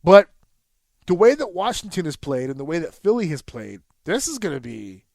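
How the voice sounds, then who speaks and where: A man's voice: fairly high pitch, very animated, moderate pace, creaky, darkish tone, no echo. A man co-hosting a podcast, telling a casual, profane story and acting out his own reactions. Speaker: podcast co-host. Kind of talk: casual chat.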